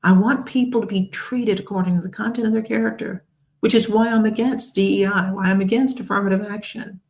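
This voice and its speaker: A woman in her sixties, hosting a talk show and telling personal stories in an earnest, expressive way. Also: medium pitch, fairly quick, low-quality recording. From United States. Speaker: host.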